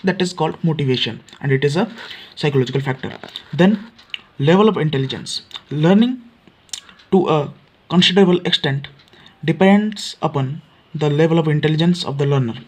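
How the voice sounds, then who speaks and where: Odia-accented male teacher, slightly high voice. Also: brisk. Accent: Odia English. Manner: frequent fillers and restarts, repeats key points. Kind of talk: explanatory lecture for exam students.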